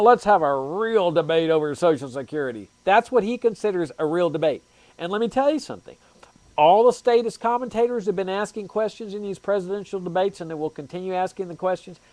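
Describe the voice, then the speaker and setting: A man's voice: high voice, darkish tone, dry recording. Sarcastic male talk-show host, dry sound. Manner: sarcastic, mocking opponents in exaggerated voices. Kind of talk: political commentary monologue.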